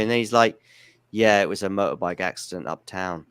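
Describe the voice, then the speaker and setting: A man's voice: fairly low pitch, brisk, a bit bright, clean tone. A man hosting a live tennis watchalong, chatting casually and rambling into jokey anecdotes. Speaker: podcast host. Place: home in Lisbon.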